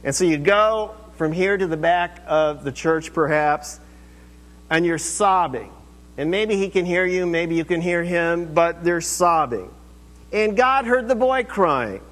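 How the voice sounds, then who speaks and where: A man's voice: on the high side, expressive, measured pace, fairly bright tone. Man preaching conversationally in an echoey hall. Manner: conversational preaching with rhetorical questions. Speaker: pastor. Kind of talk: sermon. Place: church sanctuary.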